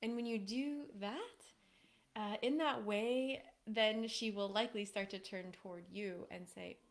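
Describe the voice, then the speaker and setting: A woman speaks as a relationship coach to a live audience. Her delivery is casual and animated, with frequent laughs. Now and then she acts out quoted lines in playful voices. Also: mid-range voice, measured pace.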